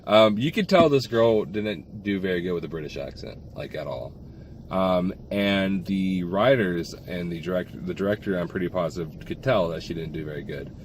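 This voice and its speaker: Male co-host, low pitch, rambling casual review delivery with lots of fillers. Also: animated, moderate pace, slight background noise. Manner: rambling, many restarts and fillers. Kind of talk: casual film review chat.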